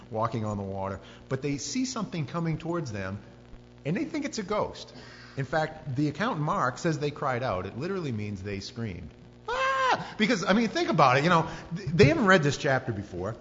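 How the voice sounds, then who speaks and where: A man preaching a sermon, telling the story with lively acted-out voices and screams. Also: mid-range voice. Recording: dull lo-fi sound with long hall reverb and faint hum.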